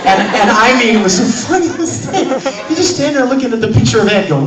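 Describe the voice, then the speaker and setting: Animated man telling stories at a fan panel. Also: extremely high pitch, a little fast, hardly any pauses. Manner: animated, laughing, playful with the audience. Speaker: convention panel guest. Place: large convention panel room. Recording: echoey hall from far off, crowd noise.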